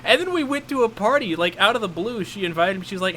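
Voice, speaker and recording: Young male streamer, bright forceful voice, rambling anecdotes, faint background noise. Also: high-pitched, fast, hardly any pauses. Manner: rambling, animated storytelling with many fillers and restarts. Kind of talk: casual chat, storytelling.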